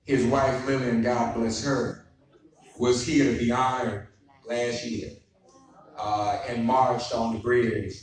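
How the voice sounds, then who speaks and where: A man's voice: medium pitch, level tone, slow pace. A man moderating a public conversation, telling stories in a folksy, joking way and speaking straight to the audience. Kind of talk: storytelling and introducing a guest. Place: courthouse event hall. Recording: echoey hall, far from the mic, noisy.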